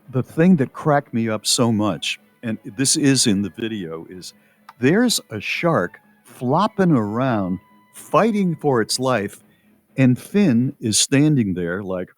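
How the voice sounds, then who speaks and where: Radio host guy spinning a beach story, lively swoopy voice, dry sound. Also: medium pitch, no echo. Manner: animated, chuckling storyteller. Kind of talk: casual storytelling.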